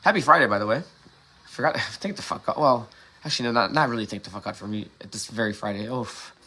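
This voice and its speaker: Bright-voiced rambling male streamer. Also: medium pitch, fast, husky. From Ohio. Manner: rambling, self-interrupting, profane and laughing. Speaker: livestream host. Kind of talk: late-night solo livestream chat.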